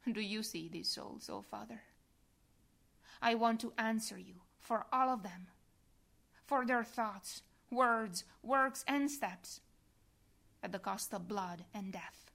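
A woman reading the words of Jesus as a gentle, suffering man, in a soft, slow, hushed devotional voice. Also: mid-range voice, creaky, full character voice. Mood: prayerful.

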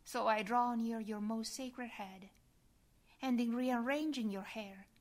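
Woman narrator for a devotional reading, unhurried and hushed, at times near a whisper. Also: fairly high pitch, fairly even intonation. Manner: slow, soft, prayerful, sometimes whispered.

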